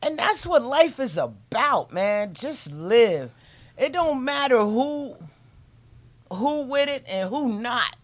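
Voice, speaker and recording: A man's voice: extremely high pitch, very animated, slow. A man, joking in casual chat with emphatic slang.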